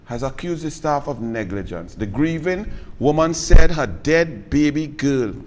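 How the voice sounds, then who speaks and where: A man with a Trinidadian accent hosting a live political talk show, telling stories in lively Creole and mocking his opponents. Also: a little high, a little slow. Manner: animated Creole storytelling, scornful toward opponents. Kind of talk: live political commentary and storytelling. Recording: long reverb.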